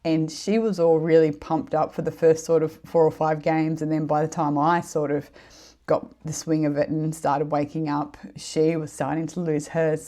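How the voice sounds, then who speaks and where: Middle-aged woman hosting a podcast. Low, mellow voice, chatty and rambling. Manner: chatty, rambling, with many fillers and giggles. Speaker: podcast host. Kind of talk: casual storytelling monologue.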